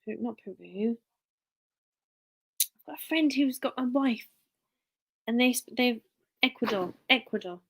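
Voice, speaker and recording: A woman's voice: fairly high pitch, lively intonation, unhurried, creaky, long pauses, husky. A woman chats on a live stream in a loose, wandering way. She reads viewer names aloud and breaks off mid-sentence to try again. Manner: chatty and rambling, reads viewer names aloud, many restarts. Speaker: live streamer, work-from-home mum. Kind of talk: casual live-stream chat.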